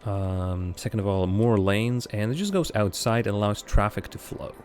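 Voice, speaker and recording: A man with a lowish, darkish voice speaks at a normal speed against slight background noise. He's streaming a city-building game live, thinking aloud in casual commentary full of fillers. He often jokes about his own mistakes.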